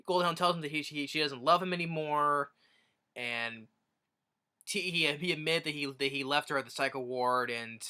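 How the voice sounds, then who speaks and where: A man's voice: fairly high pitch, pushed and bright, clean tone. A man casually retelling a movie's plot as a reviewer, rambling with many restarts. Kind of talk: casual film review recap.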